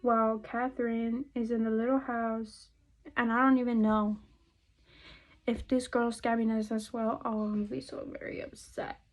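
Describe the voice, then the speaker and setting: A young woman with a slightly high voice talks through her makeup routine in loose, profane chat. She rambles from one topic to the next and now and then drops to a murmur or half-whisper. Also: little pitch movement, normal speed, rough recording. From California. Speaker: beauty vlogger. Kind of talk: casual chat while doing makeup.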